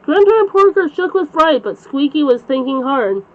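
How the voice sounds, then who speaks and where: Woman storyteller, high pitch, gentle bedtime read-aloud, dull lo-fi recording. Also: very animated, normal speed.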